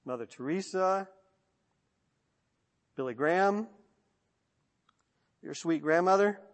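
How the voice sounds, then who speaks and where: High-voiced Texan pastor in a reverberant church. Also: male voice, lively intonation, slow pace. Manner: rhythmic preaching, long lists, soft drops at line ends. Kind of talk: sermon. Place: church sanctuary.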